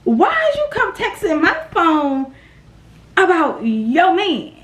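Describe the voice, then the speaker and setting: Slowly and with huge pitch swings, a young woman in an extremely high, somewhat bright voice relays a storytime tale to her viewers. She is blunt, dramatic and swears, while the audio echoes around the room.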